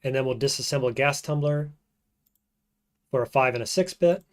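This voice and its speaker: Playing a roguelike on stream, this guy thinks out loud in relaxed gameplay chatter, his words frequently trailing off into low mumbles. He speaks at a fairly quick clip with a medium pitch.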